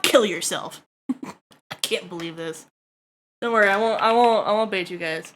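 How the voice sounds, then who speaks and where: A woman's voice: mid-range voice, normal speed, long pauses, a bit bright. A woman livestreaming while she draws, chatting with her viewers in a crude, joking way. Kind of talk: casual stream chat while drawing.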